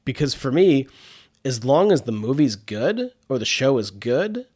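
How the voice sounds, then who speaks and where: A man's voice: mid-range voice, very animated, unhurried, a little mellow, husky. A man hosting a podcast in casual chat, with congested sinuses, rambling and restarting his sentences with frequent laughs. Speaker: podcast host.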